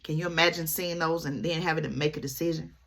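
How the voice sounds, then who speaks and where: A woman's voice: low-pitched, steady tone, quick pace, a bit bright. A woman, commenting to camera and keeping up a running chat with her viewers, checking in with them often. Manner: chatty, keeps addressing viewers with "y'all" and "okay?". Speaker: vlogger.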